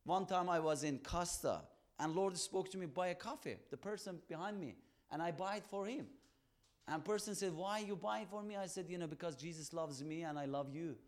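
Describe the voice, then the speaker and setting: A man with a fairly high voice preaching in earnest. He tells his story with conviction and acts out the conversations in it. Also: fairly quick. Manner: earnest storytelling in non-native English, acts out dialogue. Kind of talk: testimony sermon.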